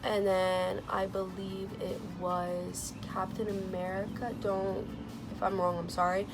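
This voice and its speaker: A young woman vlogger chatting casually about a movie she just saw, gushing and excitable, with lots of "like"s, laughs and sighs. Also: unhurried, over loud music. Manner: gushing and excitable, many "like"s, laughs and sighs, swings into squealing high quotes. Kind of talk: casual chat.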